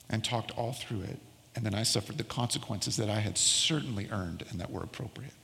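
A middle-aged man preaching a sermon as pastor, telling a personal story and slowing down to stress key words. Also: lowish voice, expressive, gravelly, fairly bright tone, long reverb tail. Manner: storytelling, slows down for emphasis.

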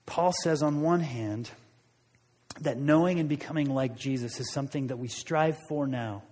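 A man's voice: mid-range voice, moderate pace, a little mellow, long reverb tail. A man preaching a sermon, telling a story in a loose, conversational way with frequent restarts. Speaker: pastor.

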